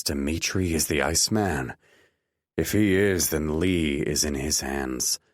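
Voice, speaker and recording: A man's voice: extremely low pitch, a bit bright, no room sound, clean studio sound. A man narrating a first-person romance audiobook in a grim, controlled, terse way.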